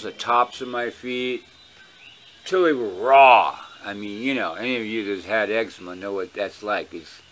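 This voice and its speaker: A man's voice: medium pitch, fairly bright tone. A man with a Hawaiian accent talking casually to his viewers at home, rambling, blunt and profane. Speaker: vlogger.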